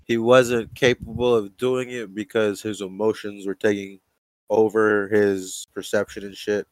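Low-voiced swearing man, dry sound. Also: little pitch movement, a little slow, dry recording, rough recording. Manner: profane, storytelling, acts out quotes. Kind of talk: casual chat.

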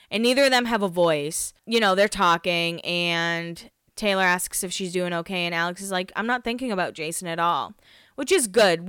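A young woman hosting a casual recap at home, gossipy and jumping between topics, acting out quotes in a higher voice. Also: a bit bright, clear, resonant tone, no room sound, studio quality. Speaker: podcast host recapping a reality show. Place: home, alone.

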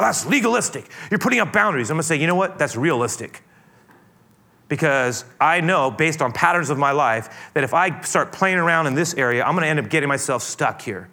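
A pastor with a slightly high voice preaches a sermon, then leads a prayer, earnest and emphatic throughout. His loud, stressed preaching gives way to a hushed, gentle prayer voice.

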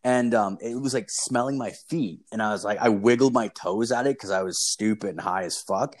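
A man's voice: on the low side, brisk. A young man telling a long story in casual chat, rambling and profane, with lots of fillers.

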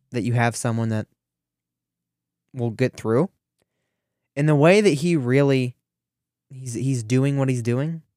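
A teenage man from Ohio hosting a radio show, delivering an animated, sarcastic political commentary with frequent restarts. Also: medium pitch, clear, resonant tone, no echo, clean studio sound. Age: teens.

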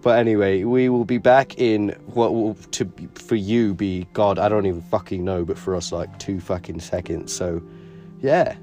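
A man's voice: lowish voice, steady tone, moderate pace, mellow, faint music behind. A man co-hosting a podcast in casual chat, rambling and swearing a lot while putting on a British accent. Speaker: podcast co-host.

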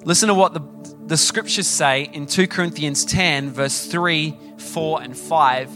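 A young man preaching a sermon, telling a story in a chatty, animated way with many fillers. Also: on the high side, a little slow, over music.

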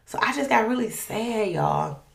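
Woman, personal testimony, chatty and animated, gravelly edge, echoey room. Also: fairly high pitch, a little slow. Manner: conversational, animated, colloquial. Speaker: podcast guest sharing a testimony. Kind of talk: personal faith testimony storytelling.

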